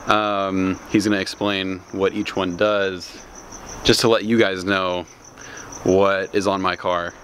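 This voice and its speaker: Young man, lowish voice, upbeat car vlog, crickets and outdoor noise behind. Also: flat delivery, slow, a bit bright. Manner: upbeat, laughs often, chatty. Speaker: vlogger showing his car. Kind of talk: casual vlog talk.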